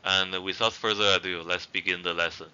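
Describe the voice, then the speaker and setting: A man's voice: deep voice, steady tone, a little fast, pushed and bright, lo-fi sound, a little hiss or hum. A man giving a casual spoken language lesson, hesitant with many fillers and restarts. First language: not Zhuang. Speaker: language teacher.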